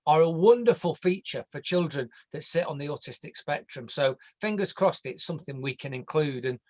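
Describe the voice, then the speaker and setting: An English man walks viewers through a landscape design in an online presentation. His voice sits somewhat high for a man. He keeps it casual and jokey, and now and then trips over a word. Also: animated, fairly quick. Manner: jokey, conversational, stumbles over words.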